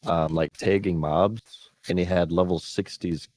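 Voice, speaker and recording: A man's voice: sits low, fairly even intonation, measured pace, a little mellow. A man who is a guest on a casual podcast chat, asking curious questions.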